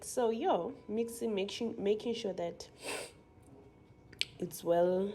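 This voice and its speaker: This young South African woman hosts a cooking channel, narrating a casual vlog as she cooks and chatting playfully to viewers with rambling asides. Her medium-pitched voice is mellow and slightly rough, moving at a slow pace with frequent pauses.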